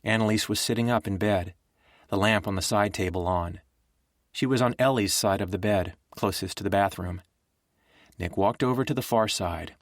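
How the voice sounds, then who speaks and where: A man narrating an audiobook in a measured, even storytelling way. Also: on the low side, no echo, studio quality.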